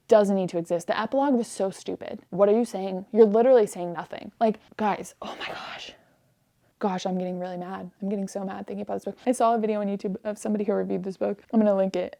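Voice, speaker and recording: A woman's voice: medium pitch, dry recording, studio quality. A young woman from the United States chatting casually to camera about books, ranting with exasperation and peppering her talk with "like". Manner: ranting, exasperated, animated, fillers of "like". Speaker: book reviewer.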